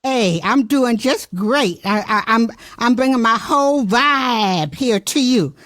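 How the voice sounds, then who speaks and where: A woman guest on a podcast, answering in an upbeat, relaxed way. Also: on the high side, slow pace, no room sound, studio quality. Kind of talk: casual interview chat.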